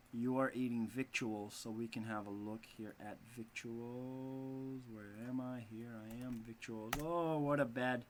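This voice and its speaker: A man teaching English who reads a fairy tale aloud and breaks off often to explain words in an animated way. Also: medium pitch. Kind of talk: reading a story aloud and explaining vocabulary.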